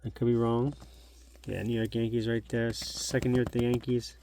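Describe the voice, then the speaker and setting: A man's voice: medium pitch, little pitch movement, moderate pace, dark tone, slight background noise. A middle-aged man hosting a collectibles channel, chatting casually and nostalgically as he shows an old magazine at home. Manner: chatty, nostalgic, thinks aloud. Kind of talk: casual show-and-tell narration.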